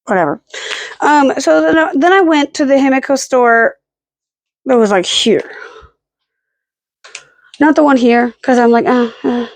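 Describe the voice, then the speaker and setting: Casual vlogger, woman, a bit high-pitched, rambling and self-mocking, dry close sound. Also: a little slow, pauses often, dry recording. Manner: rambling, self-deprecating, with frequent "like" and "um" fillers. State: hiccuping and burping. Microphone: camera held at arm's length.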